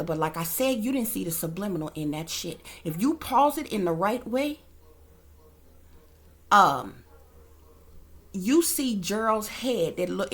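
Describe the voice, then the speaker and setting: Blunt, sharp-voiced woman vlogger. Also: medium pitch. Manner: blunt, profane, emphatic. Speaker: channel host. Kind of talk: heated commentary vlog.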